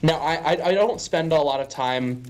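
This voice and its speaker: A man's voice: fairly high pitch, normal speed, darkish tone. A young man from Western Pennsylvania, streaming and rambling jokily through a casual chat. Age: young adult. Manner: rambling, joking, fillers.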